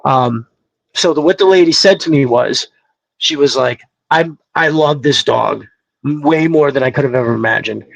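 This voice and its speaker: A man hosting a show, casually telling a long personal story, animated and swearing, acting out what people said. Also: fairly high pitch, creaky, breathy edge, dry recording, low-quality recording. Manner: animated, swearing, acts out quotes. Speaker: podcast host. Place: small studio. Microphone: studio mic.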